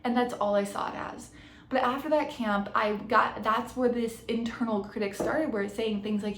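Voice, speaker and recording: A woman's voice: on the high side, fairly even intonation, normal speed, slight background noise. Earnest woman coach in an echoey room. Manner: earnest, reflective, frequent restarts and self-corrections. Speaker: podcast host and coach. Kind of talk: personal storytelling monologue.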